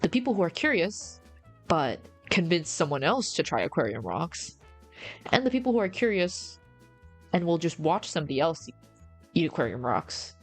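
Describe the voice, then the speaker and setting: A woman's voice: fairly low pitch, big pitch swings, moderate pace, soft background music. A woman streamer in casual, slangy livestream chat, rambling and answering her chat. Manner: rambling, slangy, says bro a lot.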